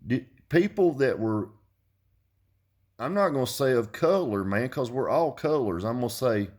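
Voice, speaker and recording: This is a man in his fifties with a plain, mid-pitched voice, venting straight to the camera. He talks bluntly, swears without pause and circles back over his points. His delivery is that of an unscripted video rant. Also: expressive. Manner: blunt, profane, repeats himself when heated. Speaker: car audio vlogger.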